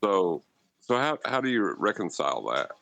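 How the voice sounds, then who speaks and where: A man's voice: fairly low pitch, sing-song, normal speed, gravelly, a bit bright, poor audio. A man in casual debate chat, talking in a hesitant, thoughtful way.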